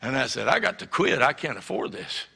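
A man preaching a sermon, telling a personal story with animated, acted-out quotes. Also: medium pitch, a little fast, vocal fry, husky. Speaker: pastor. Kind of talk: sermon testimony. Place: church sanctuary. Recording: church hall reverb.

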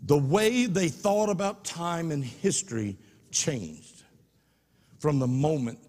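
A man preaching a sermon, impassioned, swinging from soft asides to shouts. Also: a little high, animated, takes it slowly. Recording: long reverb of a large hall.

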